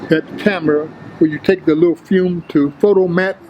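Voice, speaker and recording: An older man, an interview guest, telling prison and gym stories in a streetwise, profane, animated way, acting out the others' lines. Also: high-pitched, normal speed, muffled recording, a little hiss or hum. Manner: streetwise, profane, animated retelling with quoted voices. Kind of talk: casual storytelling.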